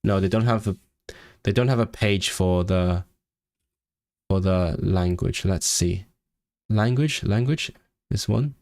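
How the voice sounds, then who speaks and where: Streamer, male, lowish voice, dry close sound; loose, rambling chat full of restarts. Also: slow, long pauses, darkish tone, dry recording. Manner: rambling, self-interrupting with repeated words. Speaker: language-learning streamer. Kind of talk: casual livestream chat.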